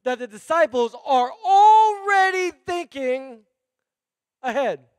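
Very high-voiced male pastor preaching. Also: takes it slowly, no echo, clean studio sound. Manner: animated preaching with conversational asides. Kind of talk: sermon. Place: church.

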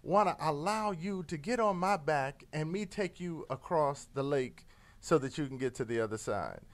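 A man's voice: a little high, lively intonation, moderate pace, lightly acted. A man doing a wary, blunt frog. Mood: incredulous. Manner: incredulous, blunt slang.

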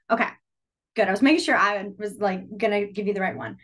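A young woman teaching a beginners' sign language class, chatty and full of fillers, telling lively classroom stories. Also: mid-range voice, moderate pace. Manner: chatty, filler-heavy, animated storytelling. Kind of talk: casual teaching with anecdotes.

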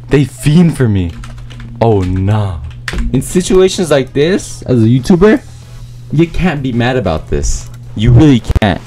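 Excitable young man giving lively gameplay commentary. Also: medium pitch. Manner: slangy, excitable, rambling trash talk. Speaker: gaming YouTuber.

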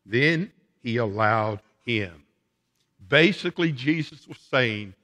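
A man's voice: medium pitch, animated, slow, bright, forceful tone, long reverb tail. A male pastor preaching a sermon in a church sanctuary, laying out his points one by one with emphasis.

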